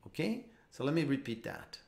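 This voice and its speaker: A man teaching English in a live online session, explaining patiently and going over each point more than once. He has a mid-pitched voice and restarts his sentences often. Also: sing-song, creaky, a little mellow. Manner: explains slowly with repeats and restarts.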